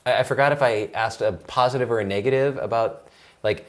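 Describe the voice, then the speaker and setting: A man's voice: mid-range voice, a little fast. A man chatting on a live stream, joking and playful, often mocking himself. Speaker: artist and guest of a live stream. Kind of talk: casual live stream chat.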